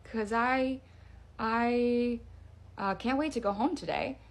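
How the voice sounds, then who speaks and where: A woman telling a scary personal story in a casual storytime manner, hushed and dramatic, with many fillers. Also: on the high side, slow, vocal fry.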